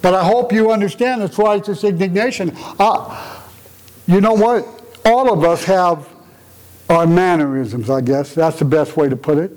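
A man's voice: high voice, moderate pace, darkish tone, rough recording. A man preaching a conversational sermon in an earnest, emotional way, often asking rhetorical questions. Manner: emotional, tender-hearted delivery.

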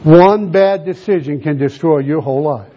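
A man's voice: on the high side, normal speed. A man preaching a sermon, emphatic and full of rhetorical questions to his congregation. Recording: dull lo-fi recording.

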